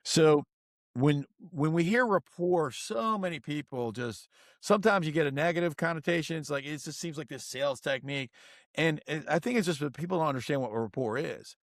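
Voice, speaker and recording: A man's voice: fairly high pitch, moderate pace, no echo, studio quality. A middle-aged man, a guest author and coach, explaining a model and telling stories in a podcast interview. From United States. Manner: energetic, instructive, tells stories.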